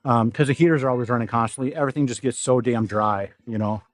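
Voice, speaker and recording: He's a young fitness vlogger from South Dakota who talks fast in a medium-pitched voice, stuffy and nasal from a blocked nose. Livestreaming at an indoor gym, he chats casually with plenty of swearing, rambling and laughter, recorded dry.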